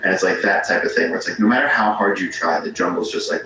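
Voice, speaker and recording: Speaking fast with a deep voice that sounds pushed and bright, a man rambles through stories as a podcast guest and keeps restarting sentences. The room is very echoey, with faint background ambience.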